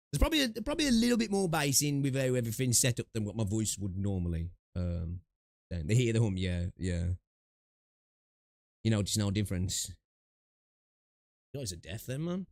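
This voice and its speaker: A man's voice: lowish voice, expressive, normal speed, vocal fry, pauses often, a little mellow, dry recording. A young man chatting casually on a gaming livestream, rambling with lots of fillers and asides, through a close desk mic with noise suppression. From United Kingdom.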